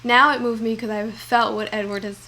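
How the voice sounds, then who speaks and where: A young woman talks casually to her camera at home, her voice sitting a little high. She rambles warmly, with lots of fillers, and her thoughts spill out heartfelt and unpolished. A faint hiss runs under the recording. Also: flat delivery, fairly quick. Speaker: vlogger. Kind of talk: casual chat. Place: home kitchen.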